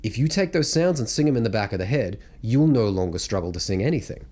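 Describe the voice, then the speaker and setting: Teaching vocal technique straight to camera, this male coach is blunt and casual, slipping into hums and sung examples. He speaks fast and expressively in a fairly low, slightly mellow voice.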